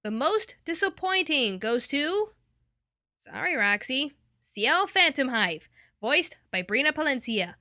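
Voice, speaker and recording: A woman's voice: high-pitched, big pitch swings, slow pace, pushed and bright, no echo, clean studio sound. A woman reviewing an anime dub in a casual, enthusiastic, chatty way.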